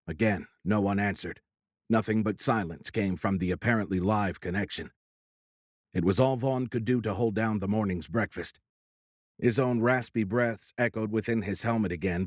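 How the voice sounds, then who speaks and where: Male audiobook narrator, low voice, measured dramatic reading, dry close mic. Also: dry recording. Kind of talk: scripted narration.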